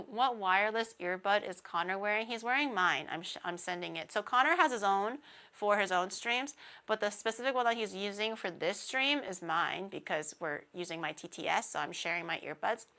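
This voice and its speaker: Chatty young woman streamer, bright voice. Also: mid-range voice, normal speed. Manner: chatty, laughs often, says her voice sounds naggy and a bit whiny. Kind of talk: casual livestream chat with chat readers.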